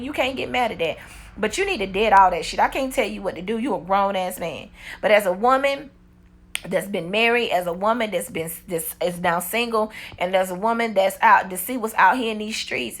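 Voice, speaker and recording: A woman in her forties telling a storytime vlog in a blunt, profane, animated way. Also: a little high. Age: 40s. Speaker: vlogger. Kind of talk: casual storytime monologue.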